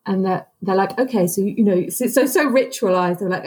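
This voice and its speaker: A woman's voice: mid-range voice, brisk, a little mellow. Chatty woman podcast co-host. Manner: chatty, laughs often, conversational. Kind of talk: casual interview chat.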